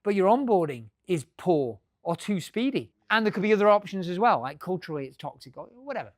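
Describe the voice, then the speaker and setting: A man's voice: high-pitched, sing-song, fairly quick, no room sound, clean studio sound. A middle-aged man giving a business talk to a live audience, joking and swearing freely. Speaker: business speaker.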